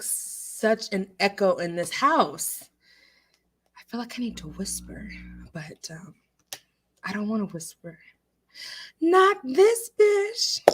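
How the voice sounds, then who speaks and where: Giggly high-voiced woman livestreaming. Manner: giggly, greets chat viewers. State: a little tipsy. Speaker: livestream host. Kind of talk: casual livestream chat. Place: echoey room at home.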